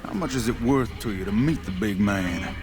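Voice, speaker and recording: A man's voice: on the low side, lively intonation, moderate pace, natural voice. Man doing a cocky gang tough, swears a lot, game music in the back. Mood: brash. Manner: brash, swearing. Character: tough street gang enforcer, rude, bossy.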